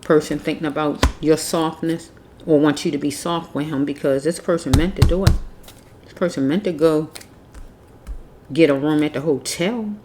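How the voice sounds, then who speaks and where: A tarot reader with a low, steady voice gives a casual reading at a moderate pace, with background noise present. She is blunt and preachy, scolding and repeating herself.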